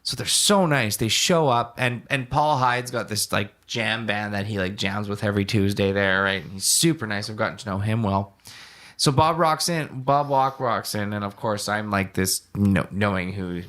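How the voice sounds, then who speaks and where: A young man co-hosts a laid-back podcast conversation, rambling through stories packed with fillers and false starts. His voice sits on the low side, a bit bright, at a moderate pace.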